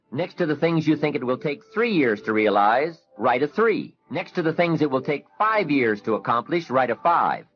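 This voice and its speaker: Man calmly guiding a goal exercise. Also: mid-range voice, muffled recording. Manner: measured, directive, guiding a list exercise. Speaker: motivational speaker. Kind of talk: instructional motivational talk.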